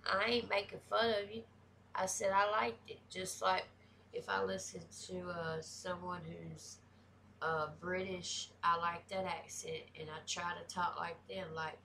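A woman's voice: on the low side, steady tone, unhurried, gravelly, pushed and bright, slight background noise. A woman with a Southern US country accent, talking casually and bluntly as she reacts to a video, swearing freely. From American South.

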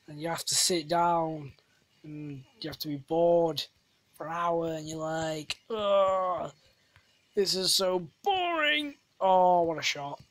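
A speaker giving casual, rambling gameplay commentary full of jokey, self-deprecating asides. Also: mid-range voice. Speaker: gamer, channel host.

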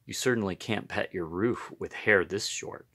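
A man voicing a polite, curious young girl in a storybook, in a bright, lightly raised voice. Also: low voice, moderate pace, full character voice. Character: hairy-world girl, polite, curious, easily frightened.

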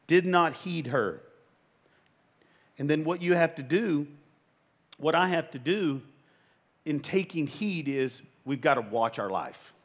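A man in his fifties preaching a sermon as pastor. He is emphatic and conversational, makes joking asides, and his voice jumps up in sudden excited bursts. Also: on the high side, takes it slowly, long pauses. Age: 50s.

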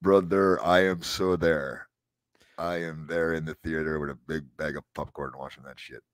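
A man's voice: rumbling low, fairly even intonation, normal speed, dry recording, studio quality. A man hosting a casual livestream chat, talking bluntly, with swearing. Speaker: host.

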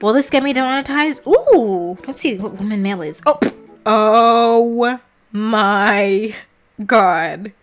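Young woman, gaming reaction vlog, high voice, loud laughing and shrieking, light music behind. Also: takes it slowly. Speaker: gaming vlogger. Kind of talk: excited reaction commentary while playing.

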